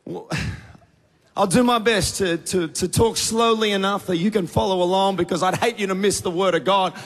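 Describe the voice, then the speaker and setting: High-voiced Australian preacher in a big hall. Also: male voice, normal speed. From Australia (Tasmania). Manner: energetic, rising to fervent prayer. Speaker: youth pastor, guest preacher. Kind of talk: sermon with prayer. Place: large church auditorium. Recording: big church hall reverb.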